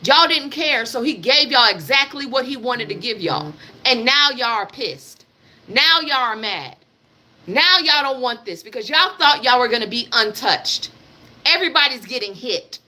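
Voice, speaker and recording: Brief: woman livestream host, high and bright, blunt and emphatic political rant, repeats herself, swears, speaks straight to viewers. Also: animated, moderate pace. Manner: addresses her audience directly. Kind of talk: live political commentary rant.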